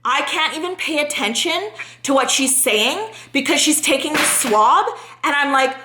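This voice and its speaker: A high, bright young woman tells her friends a story in a lively, rambling way, swearing freely and rushing her words when nerves kick in. Her voice rings around a roomy, echoey space. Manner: animated, swears freely, talks fast when anxious. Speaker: vlogger.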